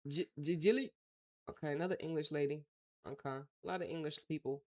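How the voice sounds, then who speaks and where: A woman's voice: low voice, fairly quick, mellow. A woman with an American accent hosting a casual talk show, reading news aloud and reacting bluntly in slangy, offhand remarks. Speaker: host.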